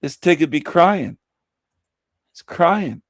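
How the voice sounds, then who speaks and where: A man's voice: on the high side, lively intonation, slow pace, no echo, clean studio sound. A man hosting a show, giving mocking commentary in a sneering, ranting way that repeats itself. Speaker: host.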